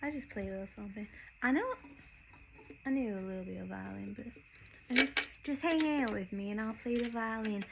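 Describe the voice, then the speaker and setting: A woman's voice: mid-range voice, brisk, gravelly, a bit bright, a little hiss or hum, low-quality recording. A young woman from Nashville, talking in a rambling, chatty podcast monologue that often breaks off and restarts mid-sentence. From Nashville, Tennessee. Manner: chatty, meandering, self-interrupting. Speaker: podcast host.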